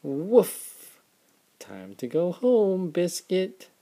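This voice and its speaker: A father gently reading a picture book aloud to his young children, in a slow, expressive way. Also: mid-range voice, gravelly.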